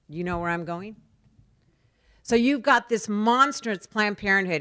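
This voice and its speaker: A middle-aged woman speaks at a fundraising dessert in an animated storytelling manner. Her pitch sits in an ordinary middle range. She acts out quoted conversations and hammers points home by repeating words. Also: unhurried, smooth. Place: event hall.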